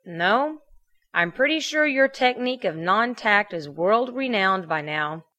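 A nervous, joking teenage boyfriend, read out by a woman in an audio fan fiction, hesitant and quick to put himself down. He stays in an easy, mid-range voice. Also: mid-range voice, expressive, sharp tone. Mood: wry. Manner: hesitant, self-deprecating.

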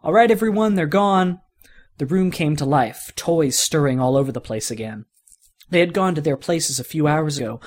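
A man reading a fan-written story aloud, narrating expressively. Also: mid-range voice. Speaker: reader.

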